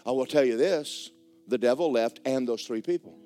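A man preaching a sermon as the pastor of a church, telling a story in a lively way that swings between hushed and loud. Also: medium pitch, normal speed. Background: faint guitar music.

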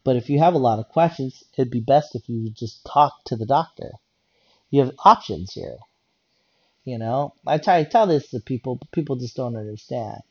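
A man's voice: medium pitch, lively intonation, moderate pace, breathy edge, dry recording, muffled recording. A man talking in a rambling, blunt casual rant about working in a medical office, swearing and repeating himself.

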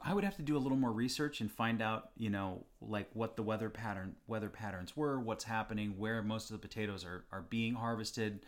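A man hosting a casual chat and quiz game, talking in a halting, dry way with many fillers and restarts. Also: fairly low pitch. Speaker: host.

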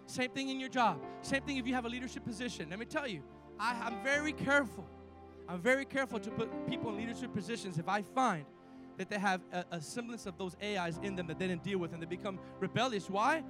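A middle-aged male pastor preaching a sermon, telling stories with lively call-and-response to his congregation. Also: high voice, quick pace, music in the background. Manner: animated storytelling with call-and-response.

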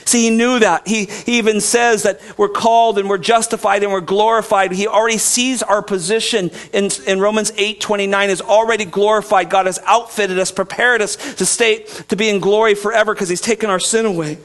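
A pastor preaching a sermon in an earnest way, dropping soft and slow, then rising loud and emphatic. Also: male voice, high-pitched, fairly even intonation.

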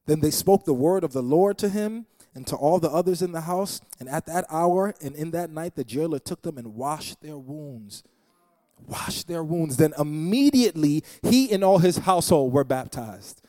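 A man's voice: on the high side, animated, moderate pace, dark tone, no echo. A man preaching a sermon as pastor, dramatic and repeating phrases for emphasis. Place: church.

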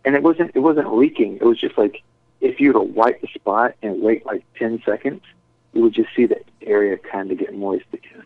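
Brief: male storyteller, lowish voice, rambling and profane, tinny dry recording. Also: moderate pace, no echo. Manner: rambling, profane, says "dude" and "like" a lot. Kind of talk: casual chat. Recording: tinny phone-like sound, dry.

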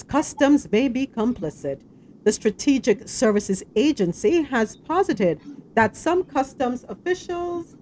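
Lively chatty woman reading news. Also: sits high, measured pace, slight background noise. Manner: chatty, asks co-hosts questions, stumbles over names. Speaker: news podcast host. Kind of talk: casual news reading with commentary.

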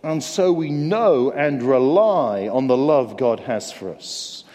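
A man's voice: mid-range voice, lively intonation, slow pace, dark tone. An English man preaching a sermon, earnest and conversational, with self-deprecating humor. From England. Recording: long hall reverb.

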